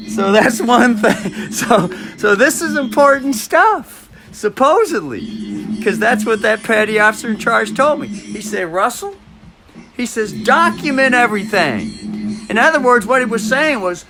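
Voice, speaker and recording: A man's voice: very high voice, animated, normal speed, vocal fry, music in the background. A man in his fifties, a navy veteran, talking to camera in a rambling monologue, musing, repeating his phrases and chuckling to himself.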